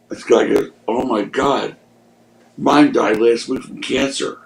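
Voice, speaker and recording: Gravelly man in his 60s telling stories. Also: mid-range voice, slow pace. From Philadelphia. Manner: animated anecdotes, swears freely. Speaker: podcast guest. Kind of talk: casual storytelling. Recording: roomy echo.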